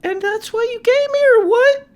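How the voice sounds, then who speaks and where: A man voicing a whiny, agitated young man in a mocking impression, all squeaky exaggerated pleading. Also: a little slow. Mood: exasperated.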